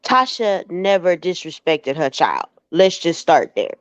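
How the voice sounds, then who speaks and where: A woman's voice: lowish voice, very animated, a little slow, no echo, lo-fi sound. A woman calling in to a live show, making her points one by one. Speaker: caller. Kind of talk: call-in commentary.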